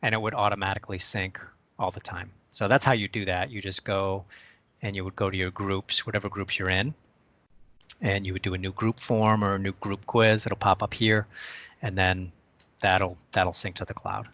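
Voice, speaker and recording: A man on a video call sharing his screen and walking through a software demo step by step in a chatty way. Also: low voice, little pitch movement, normal speed, no room sound. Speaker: co-presenter.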